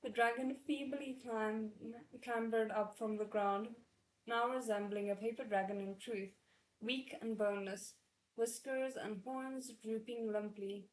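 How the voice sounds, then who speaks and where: A woman reading a novel aloud in a readalong, excitable and stopping to react with chatty asides. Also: a little high, a little slow, echoey room, rough recording. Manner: excitable, breaks off to react and comment.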